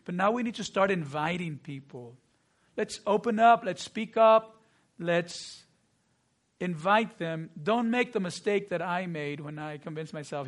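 A man preaching a sermon as pastor, telling a personal story in a lively, earnest way and acting out the dialogue. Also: high voice, measured pace.

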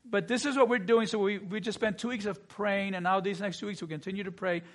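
A pastor with a fairly high voice delivers a sermon. He tells personal stories earnestly and acts out both sides of the conversations. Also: fast talker. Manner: storytelling, lively and earnest with acted-out dialogue.

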